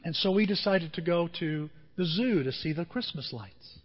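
Man, pastor: high and a bit husky, chatty sermon with rhetorical questions, long reverb on the recording. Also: lively intonation, normal speed, lo-fi sound. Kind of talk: conversational sermon.

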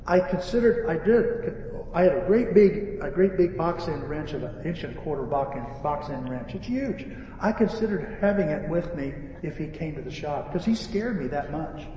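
A man preaching a sermon, telling an animated story with acted-out dialogue. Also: on the high side, normal speed, muffled recording, a little hiss or hum. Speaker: pastor and repair-shop owner. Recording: echoey hall, voice from far off, faint ambience.

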